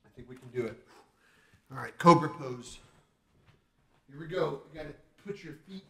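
Gravelly, pushed, and bright, this father's medium-pitched voice swings widely in pitch at a moderate pace, with long pauses. He reads a storybook to children and tries every pose, groaning and joking in a goofy, playful exercise storytime. The mic is distant, picking up roomy echo with him slightly off-axis.

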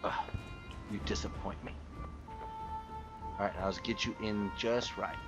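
A man's voice: fairly low pitch, flat delivery, unhurried, over music. A man giving gameplay commentary, frustrated and swearing as he talks to objects in the game. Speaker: gaming YouTuber.

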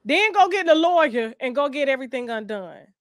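A raspy-voiced woman hosting a casual advice chat, giving blunt, bossy advice with animated storytelling. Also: high-pitched, fairly quick, dry recording, clean studio sound.

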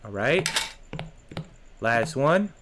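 A man's voice: mid-range voice, sing-song, drawn-out words, background noise. A man commentating a horror game let's play, joking and talking back to the characters on screen. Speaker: gaming streamer.

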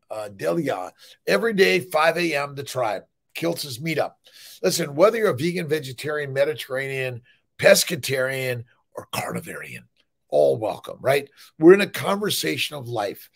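Gravelly-voiced man, emphatic and rambling. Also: medium pitch. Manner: emphatic, rambling, peppered with "listen" and "right?"; profane, blunt. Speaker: fertility doctor hosting a morning livestream. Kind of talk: energetic motivational monologue.

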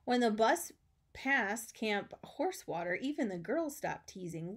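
A woman teacher reading a children's storybook aloud, expressive with chatty asides. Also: medium pitch, unhurried.

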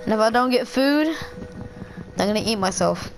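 A woman's voice: on the high side, lively intonation, moderate pace, music in the background. A young woman giving rambling, giggly let's-play commentary, cracking crude jokes and talking to herself. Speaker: gameplay commentator.

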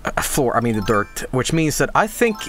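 A man's voice: mid-range voice, big pitch swings, normal speed, a bit bright, soft background music. Rambling, joking young man streamer. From Canada. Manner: rambling, joking, self-correcting. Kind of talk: casual gameplay commentary.

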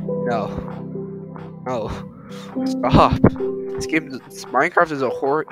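A man streams a survival game, giving quick, excitable commentary and talking straight to his chat. His voice sits at a plain middle pitch, and he swears freely as he plays. Music plays clearly behind him. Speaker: gaming streamer. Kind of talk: let's-play commentary. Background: background music.

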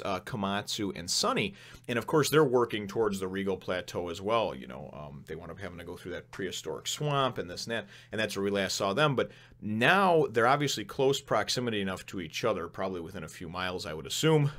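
Guy with a lowish voice chatting about a comic chapter, lots of ums and laughs, kinda loose and sweary. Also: fairly bright tone. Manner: rambling, filler-heavy, laughs often, swears casually. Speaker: manga reviewer. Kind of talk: casual spoken chapter review.

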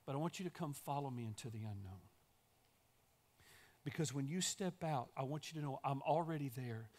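A man voicing God as a calm, patient deity who speaks quietly and reassures. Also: medium pitch, natural voice. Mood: reassuring. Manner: quiet, gentle, unhurried reassurance.

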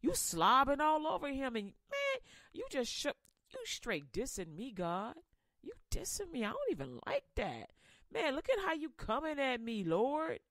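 A woman's voice: high voice, wildly swooping pitch, a little slow, a bit bright, no echo, full character voice. A woman voicing a jealous, boastful young man who talks back with scornful slang.

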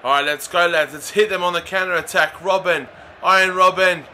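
Young man as gaming commentator: high, bright voice, excitable, bursts into shouts at near misses. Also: a little fast, a little hiss or hum. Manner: chatty, addresses viewers as lads. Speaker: gaming YouTuber. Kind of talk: live video game commentary.

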